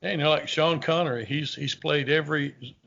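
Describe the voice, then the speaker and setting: A man's voice: a little high, fairly even intonation, fairly quick, creaky, a bit bright. A male host in a casual interview, chiming in with eager fan remarks and fillers. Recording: dull recording.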